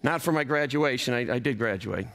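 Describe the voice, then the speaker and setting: The recording carries a long hall reverb from a large college chapel, where a fifty-something college athletic director and speaker preaches with emphasis. His mid-range voice has a fairly bright tone and a fairly quick pace, swinging up and down for effect.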